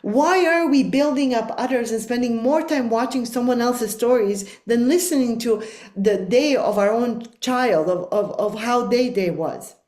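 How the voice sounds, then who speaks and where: A woman's voice: a little high, measured pace, darkish tone, echoey room. A middle-aged woman speaking as a life coach guest on a podcast, talking in an earnest, reflective and emphatic way. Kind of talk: podcast conversation.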